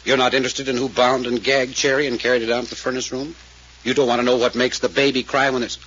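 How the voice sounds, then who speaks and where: An actor playing a brisk investigator who questions witnesses tersely, in 1940s radio acting. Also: male voice, mid-range voice, little pitch movement, a bit bright, lightly acted. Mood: pressing. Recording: dull old radio recording with faint hiss.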